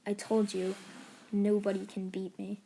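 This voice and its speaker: A woman doing a smug, calm teen boy. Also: mid-range voice, a little slow, vocal fry, slight background noise. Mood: cold. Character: calm smug overpowered teenage boy hero.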